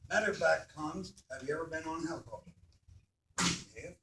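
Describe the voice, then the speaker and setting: A man's voice: a little high, a little fast, gravelly, sharp tone, slight background noise. Man telling his story in an echoey hall. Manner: earnest, checks in with listeners often. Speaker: speaker telling his accident story to students. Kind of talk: personal testimony talk. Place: school hall or classroom. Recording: echoey room, mic from a distance.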